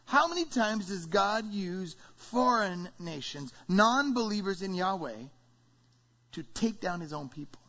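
A man preaching a sermon in an animated way, reading scripture and acting out what people say. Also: high voice, unhurried. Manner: animated, acting out the congregation's complaints. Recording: dull lo-fi recording.

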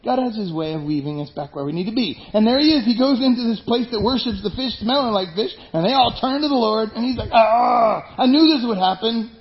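Man, pastor, emphatic sermon, rhetorical questions, high voice, muffled lo-fi recording. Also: expressive, fast talker, few pauses. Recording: dull lo-fi sound.

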